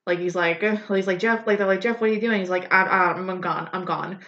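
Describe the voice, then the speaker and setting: A woman's voice: fairly low pitch, fairly even intonation, fairly quick, a bit bright. Casual woman co-host, muffled audio. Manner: casual, lots of fillers, chimes in. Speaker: podcast co-host. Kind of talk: casual chat recapping a reality show. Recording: dull lo-fi podcast audio.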